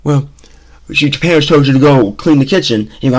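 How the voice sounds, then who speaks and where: A man's voice: medium pitch, moderate pace. A man hosting his own talk show, giving blunt, opinionated commentary and often repeating himself with "okay?" and "you know?". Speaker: show host.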